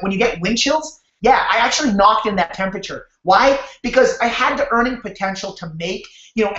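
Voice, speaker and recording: A man from Canada hosting a sales webinar over a video call, telling his story in an energetic, repetitive way and talking straight to his audience. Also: high-pitched. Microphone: webcam or computer mic on a video call. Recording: roomy, dull lo-fi webcam audio.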